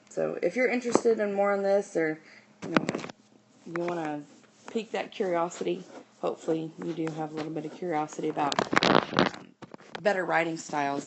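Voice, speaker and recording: Low, gravelly woman teaching writing. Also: noisy background. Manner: explanatory, with frequent "okay" and "um". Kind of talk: recorded writing lesson.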